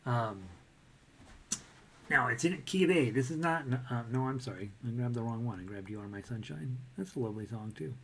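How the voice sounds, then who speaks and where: A man's voice: mid-range voice, animated, fairly quick, gravelly, slight background noise. A man teaching a casual ukulele lesson, chatty and self-deprecating, breaking into bits of sung melody. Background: ukulele playing.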